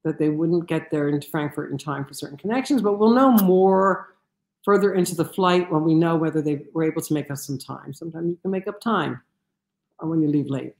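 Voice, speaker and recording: A woman telling a personal story in an animated way, with many fillers and restarts. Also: sits low, a little fast, echoey room. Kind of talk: storytelling talk.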